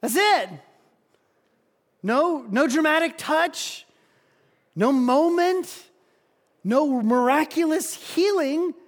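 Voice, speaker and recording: Male pastor, very high voice, animated storytelling, long hall reverb. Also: drawn-out words, long pauses. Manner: animated storytelling, repeats words. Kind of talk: sermon.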